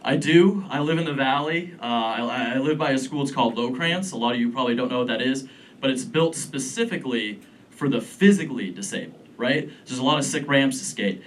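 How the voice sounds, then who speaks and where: Performing stand-up in a comedy club, a young man rambles and chuckles at his own jokes. His mid-range voice is brisk and picked up by a distant mic, with crowd laughter filling the room.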